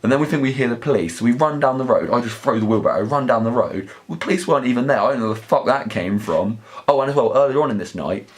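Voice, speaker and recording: A man's voice: medium pitch, lively intonation, fast talker, few pauses, a little hiss or hum. A young man, telling crude, sweary, rambling stories in a casual vlog. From southern England. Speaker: vlog host. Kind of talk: casual anecdotal storytelling.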